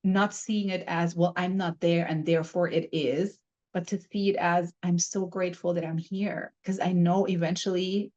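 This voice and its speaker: A woman's voice: on the low side, fairly even intonation, normal speed, a little mellow, lo-fi sound. A woman hosting a podcast who speaks in long, thoughtful, flowing sentences, often adding "you know". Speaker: podcast host. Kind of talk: reflective conversation.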